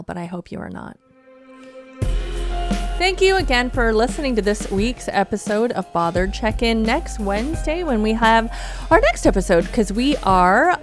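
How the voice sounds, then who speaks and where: A woman hosting a podcast, telling a story in a blunt, wry and profane casual rant. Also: mid-range voice. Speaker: podcast host. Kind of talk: casual ranting monologue.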